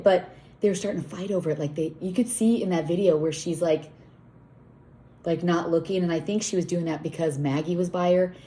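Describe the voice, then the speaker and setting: A woman's voice: fairly low pitch, brisk, dark tone. A middle-aged woman who owns a farm, chatting casually and rambling as she gives a tour outdoors in the cold, often talking to her animals. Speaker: farm owner and vlogger.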